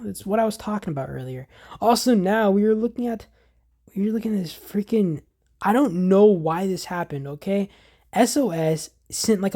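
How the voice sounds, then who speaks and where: A man hosting a gaming channel, giving casual gameplay commentary in an excitable, exasperated way, often restarting his sentences and talking to viewers as guys. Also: high voice.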